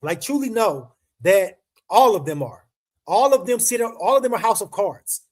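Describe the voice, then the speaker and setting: A man's voice: high voice, expressive, normal speed, darkish tone. A man hosting a casual crypto livestream, talking to viewers in slangy, emphatic chat and repeating words for stress. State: emotional, choked up.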